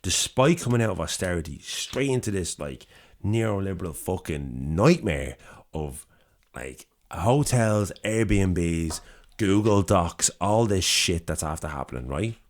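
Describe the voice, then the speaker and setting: A young man with a Dublin accent talks in a low, deep register. His delivery is animated and full of swings in pitch. He argues in a casual podcast debate, cursing and piling up phrase after phrase for emphasis. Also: unhurried. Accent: Dublin Irish. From Dublin, Ireland. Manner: emphatic, sweary, piles up repeated phrases. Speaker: podcast co-host. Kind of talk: casual debate over drinks.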